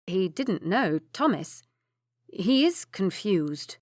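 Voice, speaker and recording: A woman's voice: mid-range voice, sing-song, takes it slowly, no echo, studio quality. A woman voicing an earnest young nobleman.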